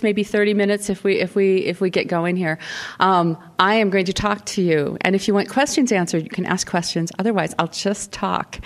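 A woman author reading her novel aloud to an audience, then taking questions with relaxed, self-deprecating asides. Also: mid-range voice.

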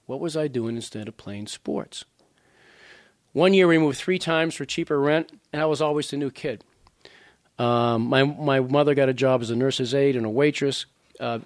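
A man's voice: medium pitch, no echo, clean studio sound. Chatty man in his sixties at a reading. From Louisiana. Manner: conversational, digressive, animated asides to the audience. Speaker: author at a reading. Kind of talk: casual talk and book reading.

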